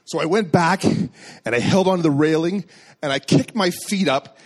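A middle-aged male pastor preaching to his congregation, his voice sitting a little higher than most men's. He tells the story with lively energy and acts out each exchange of dialogue. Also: normal speed, slightly rough. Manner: animated storyteller acting out dialogue. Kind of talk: sermon with personal story.

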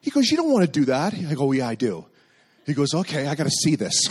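Animated storytelling pastor, fairly high voice. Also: male voice, fast talker, slightly rough. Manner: animated storyteller acting out dialogue. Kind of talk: sermon with personal story.

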